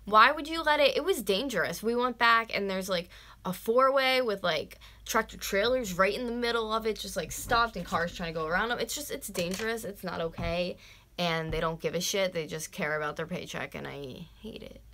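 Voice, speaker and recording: Young woman venting on a livestream, bright tense voice, swears a lot, says like constantly. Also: mid-range voice, normal speed, slight background noise. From North America. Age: 20s. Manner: ranting, swears freely, fillers like "like"; drops to a whisper at times. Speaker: vlogger. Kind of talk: casual live-stream chat.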